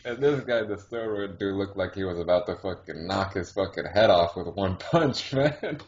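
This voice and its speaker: A man with a very low voice spins a crude, profanity-laden story, laughing along as he goes. The recording is dull and lo-fi. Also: expressive, normal speed, reverberant. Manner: crude, swears constantly, laughs while telling stories. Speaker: podcast co-host. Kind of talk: casual storytelling chat. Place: hot-climate country, not the US. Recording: dull lo-fi audio.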